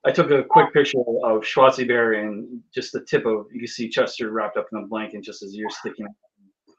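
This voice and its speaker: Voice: medium pitch, fairly even intonation, moderate pace. A guest speaks over a dull, lo-fi call line. The voice sits mid-range. The stories come out tender, and the guest gets choked up at times. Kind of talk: casual video-call chat.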